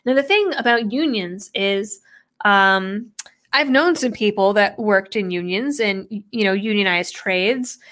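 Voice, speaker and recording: A woman's voice: mid-range voice, measured pace, a bit bright. A woman giving sarcastic, skeptical solo commentary, reading quotes from an article aloud and adding her own asides. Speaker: political commentator. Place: New England background.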